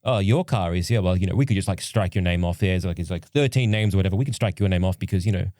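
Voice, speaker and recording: A man on a podcast, animatedly recapping a film, acting out characters in quick voices and swearing casually. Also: low voice, dark tone, dry recording, clean studio sound. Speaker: podcast co-host.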